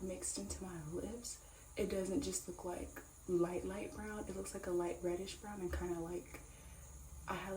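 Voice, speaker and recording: A woman's voice: medium pitch, mellow, slight background noise. A woman chatting casually to camera in a vlog, rambling and repeating herself. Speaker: vlogger. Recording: roomy echo with faint ambience.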